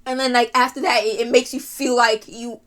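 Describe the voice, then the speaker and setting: A woman's voice: on the high side, flat delivery, fairly quick, a bit bright. A woman giving a rambling, gushing anime rant, with frequent sighs, laughs and fillers. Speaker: anime video creator.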